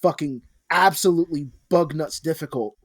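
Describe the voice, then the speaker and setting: A man's voice: a little high, normal speed, husky, no echo, clean studio sound. A man co-hosting a podcast in casual chat, rambling and swearing with many restarts. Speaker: podcast co-host.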